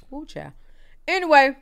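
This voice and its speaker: Slow, bright-voiced laughing woman. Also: high voice, creaky. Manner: blunt, laughing, crude. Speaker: co-host. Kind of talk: casual gossip chat.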